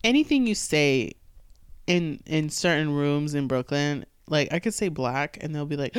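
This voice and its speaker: A woman's voice: deep voice, measured pace, clear, resonant tone, dry recording, studio quality. A woman comedian telling stories on a podcast, swearing freely and acting out what audiences said. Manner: animated storyteller, swears freely, acts out crowd quotes. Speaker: comedian guest. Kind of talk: casual podcast chat.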